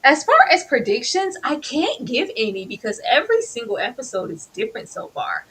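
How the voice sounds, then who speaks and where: Chatty, animated co-host; bright higher woman's voice, light hum on the line. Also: low-quality recording. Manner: animated, acts out characters in big high bursts. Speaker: TV review podcast co-host. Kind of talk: casual TV recap chat.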